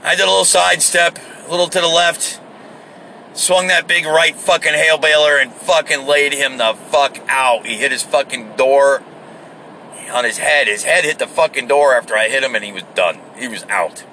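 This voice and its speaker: A man telling a rambling, profane story in a casual, animated way, seated inside a vehicle. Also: mid-range voice, moderate pace, slight background noise.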